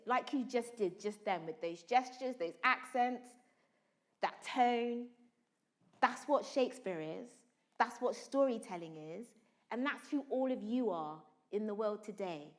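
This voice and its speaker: A woman actor from Somerset giving an energetic motivational talk to students, who keeps checking in with her listeners. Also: a little high. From England (Somerset).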